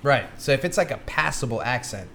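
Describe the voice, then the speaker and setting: A man co-hosting a casual podcast chat, animated and swearing, his pitch jumping when he gets excited. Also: fairly quick, creaky, slight background noise. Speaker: podcast co-host.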